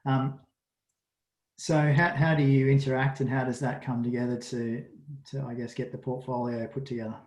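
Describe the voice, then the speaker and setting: A man's voice: medium pitch, little pitch movement, normal speed, a little mellow, echoey room, low-quality recording. A man hosting a webinar interview, asking easygoing questions with "um" and repeated starts. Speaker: webinar host.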